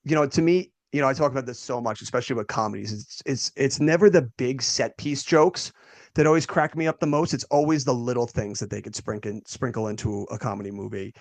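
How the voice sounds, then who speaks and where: A man's voice: medium pitch, a little fast, no echo. A young man co-hosting a movie podcast, chatting casually and laughing as he retells favorite jokes. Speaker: podcast co-host. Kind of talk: casual movie review chat.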